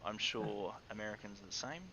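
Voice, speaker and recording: A man's voice: fairly low pitch, steady tone, a little fast, creaky, bright, forceful tone, a little hiss or hum, poor audio. A man with an Australian accent, co-hosting a casual livestream and rambling with frequent restarts. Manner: rambling, restarts often, chuckles between thoughts. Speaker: co-host. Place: studio.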